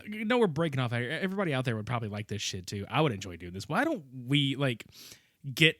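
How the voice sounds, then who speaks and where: A male podcast host in casual chat, animated and profane, laughing often as he recaps a movie. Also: medium pitch, fast talker, no room sound, studio quality.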